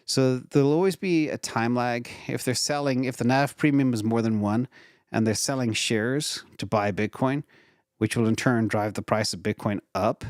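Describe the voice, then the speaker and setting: A man's voice: medium pitch, no room sound, clean studio sound. A man hosting a live viewer Q&A on investing, talking casually in long, rambling explanations full of fillers and restarts. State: retired from regular work. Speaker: investing channel host. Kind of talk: live Q&A answering viewer questions.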